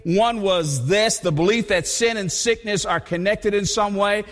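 A male pastor preaching a sermon in an animated, conversational way, often repeating his words. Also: sits high, unhurried. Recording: long hall reverb.

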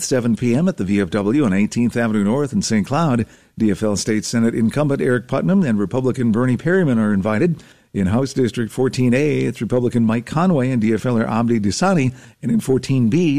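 Mellow-voiced local radio newsman. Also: medium pitch. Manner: steady, measured delivery. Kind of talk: scripted news read.

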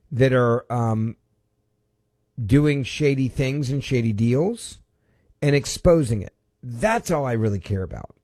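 A man's voice: mid-range voice, a little mellow, dry recording. A man hosting a political call-in radio show, talking emphatically with frequent restarts and repeated words. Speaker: radio talk show host. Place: radio studio. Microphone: studio microphone.

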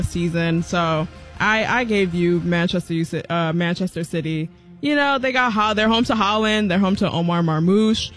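A woman on the radio show's team chatting casually and playfully, giggling as she talks. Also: medium pitch. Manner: giggly, playful, fake British accent at times. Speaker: show team member.

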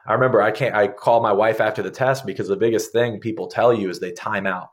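A man in his thirties talks fast and easy, spinning his story as an interview guest. His voice sits a little low, and he keeps dropping a casual "man" into his sentences. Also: steady tone. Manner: laid-back, conversational, says "man" often.

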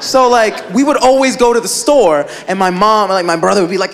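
A man doing stand-up comedy, telling a family story in an animated way, filling his talk with "like" and acting out his relatives. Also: high-pitched, fairly quick, hardly any pauses, slight background noise. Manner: animated, loads of "like" fillers, acts out family members.

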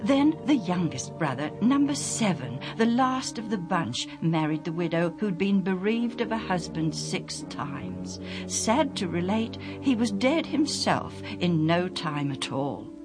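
A woman's voice: fairly low pitch, sing-song, unhurried, hardly any pauses, pitched above the performer's own voice. A woman voicing a male Sadducee spokesman who poses a trick question in a mock-solemn storybook manner. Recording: music playing underneath.

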